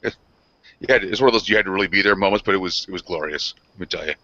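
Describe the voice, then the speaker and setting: A man's voice: low-pitched, very fast, bright, forceful tone. A man co-hosting a casual podcast, rambling loosely with profanity. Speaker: podcast co-host. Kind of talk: casual chat. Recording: dry, dull lo-fi sound.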